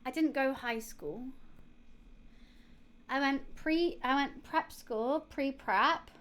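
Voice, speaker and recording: A young woman chats loosely to her stream audience and keeps catching hiccups as she talks. Her voice sits high, and she wanders through her points with restarts and fillers. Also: slow pace, a bit bright. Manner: rambling, with many fillers and restarts. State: has the hiccups. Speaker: live streamer. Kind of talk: casual chat to stream viewers.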